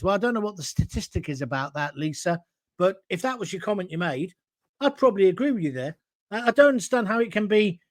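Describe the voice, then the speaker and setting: Man, middle-aged, blunt ranting live-stream host, high-pitched voice, dry close sound. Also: big pitch swings, quick pace, dry recording. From England. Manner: blunt, combative, ranting, jokey asides. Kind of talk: live-stream opinion monologue reading viewer comments. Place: at home, alone.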